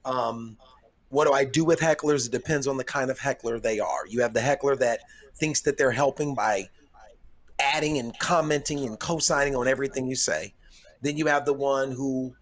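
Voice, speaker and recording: A man's voice: medium pitch, moderate pace, fairly bright tone. A middle-aged man comedian, a guest on a podcast, telling stories thoughtfully and repeating words as he gathers his thoughts. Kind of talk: casual chat, storytelling.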